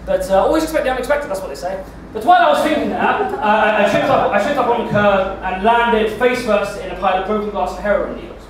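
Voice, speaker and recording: A man doing a stand-up set, telling a rambling story in a deadpan way with stammered restarts. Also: high voice, quick pace, hardly any pauses, a little hiss or hum. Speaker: stand-up comedian. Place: comedy club stage. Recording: echoey club from far off.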